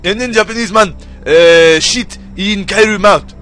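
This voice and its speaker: A young man putting on a loud, over-the-top cartoonish caricature voice, yelling in broken grammar. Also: high voice, quick pace, slight background noise. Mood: loud, exaggerated. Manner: yelling, broken grammar, exaggerated put-on accent.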